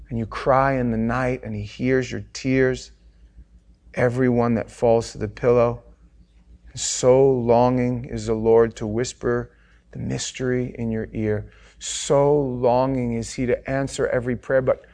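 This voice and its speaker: A middle-aged male pastor delivering a sermon in a voice of ordinary, middle pitch. He drops to near-whispers and then climbs to loud, fervent peaks, acting out each quoted line. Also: measured pace. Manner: impassioned, swings from hushed to loud, acts out quotes.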